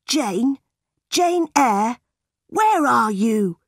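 Storybook brat: woman reading a spoiled, shrill young boy. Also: sing-song, moderate pace, breathy edge, no echo, clean studio sound. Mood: bratty.

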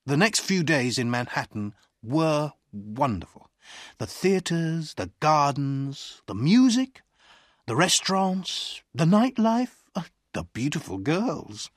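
Husky, slow audiobook narrator, dry close mic, lively intonation. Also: mid-range voice, no echo. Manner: clear, deliberate storytelling. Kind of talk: scripted narration.

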